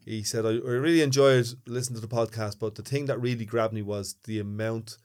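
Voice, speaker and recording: A man's voice: lowish voice, steady tone, fairly quick, a little mellow. A man with an Irish accent, co-hosting a podcast in casual, joking banter and teasing his friend. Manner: joking, teasing, laughs often. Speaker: podcast co-host.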